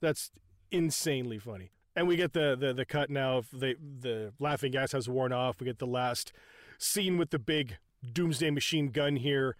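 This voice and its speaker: A man in casual chat, excitedly retelling a film scene, swearing often and laughing as he goes. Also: mid-range voice, normal speed, no room sound, clean studio sound.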